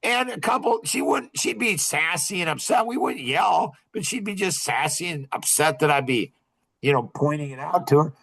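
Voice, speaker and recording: A man's voice: fairly high pitch, lively intonation, moderate pace, creaky, a bit bright, slightly rough. A middle-aged man in casual podcast chat, rambling with many fillers and restarts and laughing often. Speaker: podcast guest.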